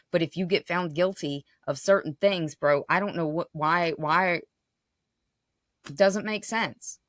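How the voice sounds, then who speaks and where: A woman's voice: deep voice, a bit bright, dry recording. Passionate woman podcaster, dry sound. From United States. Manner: passionate, frequent "right?" tags. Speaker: podcast host. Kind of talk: casual monologue.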